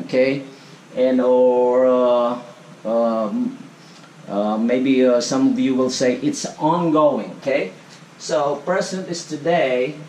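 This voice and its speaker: A man teaching an English grammar lesson. He talks slowly and repeats himself, tags nearly every phrase with "okay?", and asks the class questions that he then answers himself. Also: mid-range voice, a little mellow. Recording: echoey room, voice from far off, faint background noise.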